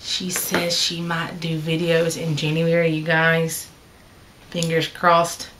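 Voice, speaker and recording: A woman chats casually to her viewers in a lowish voice, wandering between thoughts and restarting her sentences. Faint noise and small clicks sit behind her. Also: completely flat delivery, takes it slowly, a bit bright. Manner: chatty, rambling, with fillers and self-corrections. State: hiccups. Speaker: cross-stitch vlogger. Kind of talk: casual chat to camera.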